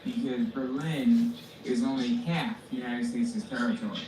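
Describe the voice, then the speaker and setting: A man chatting casually on a call-in show, teasing with deadpan jokes and swearing freely. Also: medium pitch, moderate pace. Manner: joking, profane, deadpan teasing. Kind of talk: casual chat. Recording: distant, roomy pickup with crowd noise.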